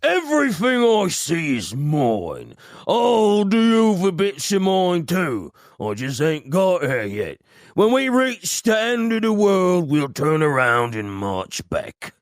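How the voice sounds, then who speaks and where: A man voicing a boastful male orc warlord in a gruff British hooligan accent. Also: high voice, huge pitch swings, slow pace, no room sound, studio quality, pitched above the performer's own voice, heavily acted.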